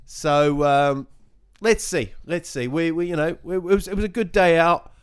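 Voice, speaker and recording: A man's voice: fairly high pitch, normal speed, clean tone. A man in a casual football chat, talking in a rambling way with many restarts.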